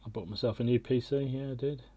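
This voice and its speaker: A man's voice: medium pitch, steady tone, fast talker, mellow, husky. A middle-aged man hosting a casual chat podcast, rambling and self-deprecating with many restarts. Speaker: podcast host.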